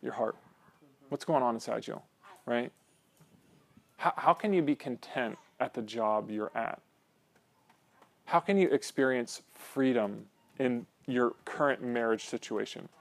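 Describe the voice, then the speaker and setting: A man's voice: medium pitch, measured pace, vocal fry, pauses often, dry recording. A male pastor preaching a conversational sermon, often asking his congregation "right?". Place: church.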